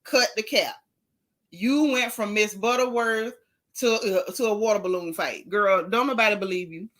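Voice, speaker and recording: A woman's voice: medium pitch, moderate pace, a bit bright. A woman hosting a gossip vlog in casual chat, reading viewer comments aloud and answering them with sassy, blunt, teasing remarks.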